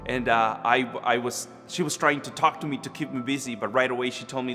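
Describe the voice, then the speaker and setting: A man's voice: medium pitch, fairly even intonation, fairly quick, sharp tone. A man from Costa Rica, earnestly telling his own story at a church service with frequent restarts. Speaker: church member sharing a testimony. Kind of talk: personal testimony at a church service. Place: church auditorium. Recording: long hall reverb with music under.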